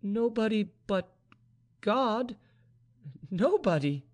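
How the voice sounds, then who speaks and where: A man voicing a heartbroken young woman, a general's daughter, in a soft, trembling murmur. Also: high-pitched, very animated, unhurried, voice pushed up, heavily acted. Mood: hollow.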